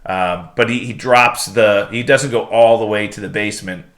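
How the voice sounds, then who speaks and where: A man with a low voice co-hosts a casual podcast. He retells scenes in a lively way and acts out the characters' lines as he goes. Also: moderate pace. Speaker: podcast co-host. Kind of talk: casual chat.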